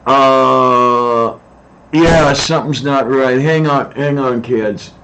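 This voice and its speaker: A man's voice: medium pitch, slow pace, bright, forceful tone. A man hosting a casual online chat, easygoing and musing aloud as he talks. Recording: slightly dull lo-fi mic.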